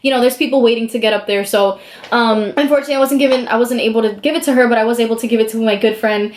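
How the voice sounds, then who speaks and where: A woman's voice: racing, a little hiss or hum. A young woman vlogger telling a story in a casual, chatty way while she does her makeup, acting out the quotes. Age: young adult. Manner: animated, chatty, acts out quotes with high squeals.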